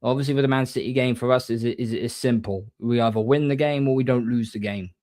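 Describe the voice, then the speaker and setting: A man hosting a casual livestream, reading viewer comments and giving shout-outs in a rambling, chatty way. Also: mid-range voice, fairly even intonation, brisk, dry recording. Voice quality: rambling, frequent restarts, mate-and-bro shout-outs. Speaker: livestream host.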